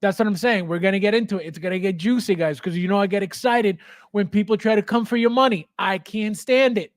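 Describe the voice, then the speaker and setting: A man hosting a casual livestream, reading viewer comments and talking in an animated way, with many repeated words and restarts. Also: sits high, fast, dry recording. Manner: animated, repetitive, stammering restarts, laughs often. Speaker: livestream host.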